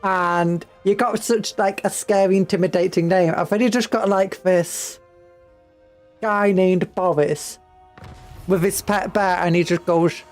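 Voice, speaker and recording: A woman's voice: on the low side, steady tone, measured pace, a little mellow, faint music behind. A woman from Britain streaming a strategy game, chatting playfully and humming to herself.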